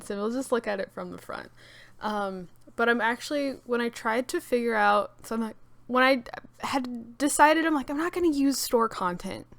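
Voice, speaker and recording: A woman's voice: on the high side, vocal fry, dry recording. A young woman with a cracking morning voice, rambling casually with many fillers as she talks over her game build video. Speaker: YouTube gaming creator.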